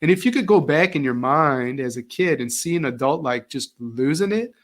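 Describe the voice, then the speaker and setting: Speaking a little high and at normal speed, this middle-aged man, formerly a teacher, spins stories as a casual interview guest. He animates them by performing the voices of those he quotes.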